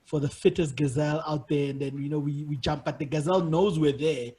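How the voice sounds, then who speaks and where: A man's voice: a little high, fairly even intonation, brisk, dark tone, breathy edge. A man hosting a podcast, chatting casually and telling stories in bursts with frequent restarts and repeated words. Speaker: podcast host. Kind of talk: casual interview chat.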